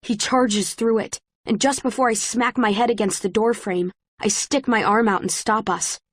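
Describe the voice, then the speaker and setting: A woman reading a first-person story as an audiobook narrator, in a measured storytelling manner. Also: fairly high pitch, fairly even intonation, no room sound, studio quality. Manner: measured, present-tense storytelling.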